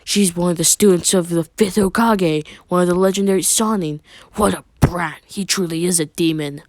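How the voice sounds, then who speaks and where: A man voicing fearful villagers who gossip in hushed mutters. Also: sits high, steady tone, normal speed, no echo, studio quality. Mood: muttering.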